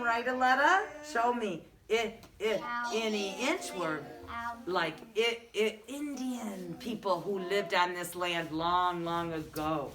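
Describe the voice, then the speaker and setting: A woman's voice: mid-range voice, takes it slowly, crowd noise. Sing-song woman teaching preschool. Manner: sing-song, coaxing, prompting children with questions; speaks through a face mask. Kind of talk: classroom phonics lesson for small children. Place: classroom. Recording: loud noisy classroom recording.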